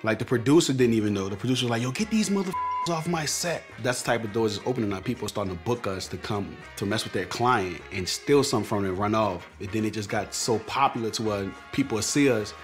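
A man's voice: lowish voice, fast talker, few pauses. Laid-back man. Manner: laid-back slangy storytelling. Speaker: internet comedian. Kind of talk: casual storytelling interview. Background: music.

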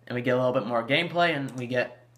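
A man's voice: medium pitch, rapid-fire, fairly bright tone. A man hosting his own gaming channel, chatting casually about a game trailer and rambling with fillers and restarts. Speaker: YouTube gaming channel host. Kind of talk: casual video commentary.

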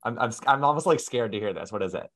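A man hosting a casual interview, easygoing and quick to affirm his guest. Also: medium pitch, lively intonation. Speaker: interviewer, podcast host.

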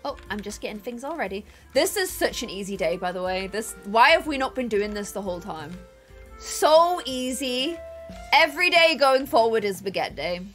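Woman, high voice, very lively pitch swings, bubbly game streamer, faint music behind. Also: normal speed. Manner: bubbly, dramatic exclamations, thanks viewers. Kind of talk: live gameplay stream chat.

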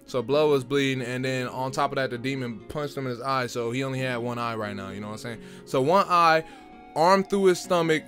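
A young man recapping a film in a casual, excited way, full of slang and stumbling over his words. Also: medium pitch, a little fast, soft background music. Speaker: video creator reviewing a film.

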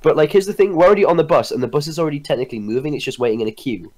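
A man's voice: on the high side, racing, darkish tone. Young man telling crude stories. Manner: crude, swears a lot, laughs through stories. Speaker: live streamer. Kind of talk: casual storytelling with friends.

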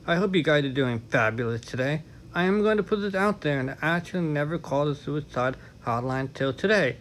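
A man's voice: on the high side, lively intonation, brisk, fairly bright tone, slight background noise, low-quality recording. A man vlogging in a casual talk to camera, frank and candid, with chatty asides.

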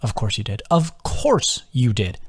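A man's voice: medium pitch, big pitch swings, a little slow, breathy edge, heavily acted. A man voicing a worried young male companion who talks bluntly and swears freely. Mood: exasperated.

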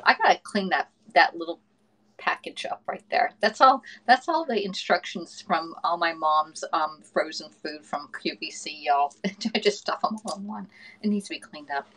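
Fast-talking woman chatting on a livestream. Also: fairly low pitch, expressive, sharp tone, poor audio. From northern United States. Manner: chatty, fast-talking, laughs often, reads comments aloud. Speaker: livestream cooking host. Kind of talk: casual livestream chat.

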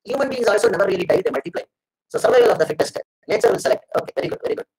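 A man's voice: high voice, animated, very fast, darkish tone, poor audio. A middle-aged man giving an earnest online lecture, repeating his phrases and addressing listeners as sir and madam. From India. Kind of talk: online lecture with audience questions.

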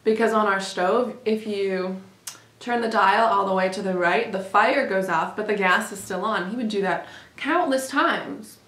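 A young woman tells a storytime to her vlog audience in a loose, rambling way, full of "like" and the odd curse when she gets worked up. Her pitch sits in the middle range. The room gives her voice a roomy echo. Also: unhurried, a bit bright. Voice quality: casual, rambling, swears when heated. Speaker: vlogger.

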